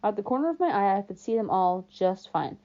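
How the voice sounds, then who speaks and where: A woman reading a novel aloud in calm, first-person storytelling narration. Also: mid-range voice, fairly quick. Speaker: audiobook reader. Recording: dull lo-fi recording.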